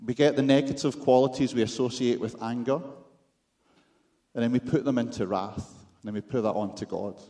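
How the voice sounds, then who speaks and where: A man's voice: mid-range voice, steady tone, normal speed, dark tone. A man with a Scottish accent preaching a sermon, with wry, self-deprecating humor and rhetorical questions to the congregation.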